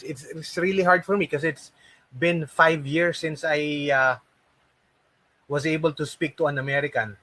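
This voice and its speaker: A man's voice: a little high, normal speed, fairly bright tone, rough recording. A man, a call center trainer giving a casual spoken lesson, often restarting and checking in with "okay?". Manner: keeps checking in with "okay?", with frequent restarts and fillers.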